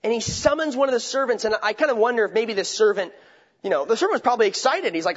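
High-voiced man preaching a sermon. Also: animated, fast talker. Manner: conversational, asks rhetorical questions, restarts phrases. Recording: dull lo-fi recording.

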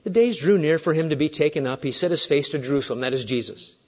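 A man in his sixties preaching a sermon as pastor, swinging between hushed asides and raised emphatic points with joking digressions. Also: fairly high pitch, lively intonation, fast talker, lo-fi sound.

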